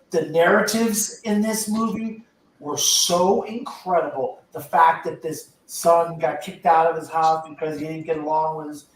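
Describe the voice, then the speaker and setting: A man's voice: a little high, slight background noise. An older man casually and enthusiastically telling a long rambling story about a movie on a panel. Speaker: podcast panelist. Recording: echoey, distant from the mic.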